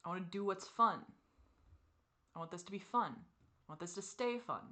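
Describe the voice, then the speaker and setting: A woman's voice: mid-range voice, moderate pace. Tearful woman venting to camera. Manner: frustrated venting with sighs and soft asides. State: teary, crying. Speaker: vlogger. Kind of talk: personal confessional vlog.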